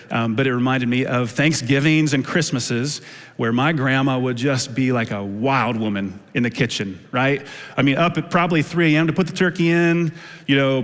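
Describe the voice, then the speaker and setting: A man in his thirties preaching a sermon as a pastor, telling stories in a relaxed, conversational way and acting out quotes playfully. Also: medium pitch. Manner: casual storytelling with playful acted quotes. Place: church auditorium. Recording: long reverb of a large hall.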